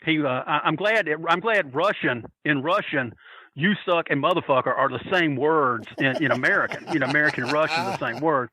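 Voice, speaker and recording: A man telling wild stories as a podcast guest, animated and profane, laughing his way through them. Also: a little high, fairly quick, few pauses, breathy edge, no room sound, low-quality recording. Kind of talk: casual storytelling.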